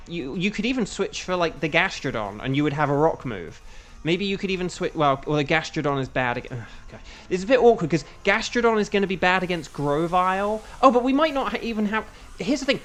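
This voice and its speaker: Casting: young male streamer, slightly higher voice, rambling game-strategy chatter, playful puns. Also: fairly bright tone. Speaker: streamer and voice actor. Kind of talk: casual gameplay commentary with chat.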